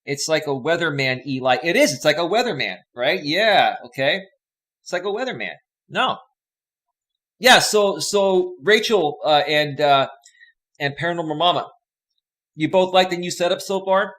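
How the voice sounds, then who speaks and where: This Northern California host has a high-pitched, expressive, somewhat bright voice, speaking a little slowly with long pauses. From his home green-screen setup and desk mic, he rambles cheerfully through a casual live stream and reads out viewer comments.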